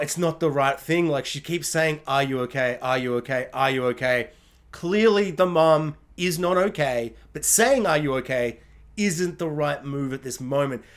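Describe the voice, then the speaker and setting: A man giving an effusive, emotional solo TV review, rambling and restarting as he talks. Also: a little high.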